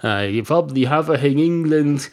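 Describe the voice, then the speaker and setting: An Irish man hosting a podcast, telling a rambling, deadpan comic monologue full of digressions. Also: a little high, normal speed. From Ireland. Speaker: podcast host.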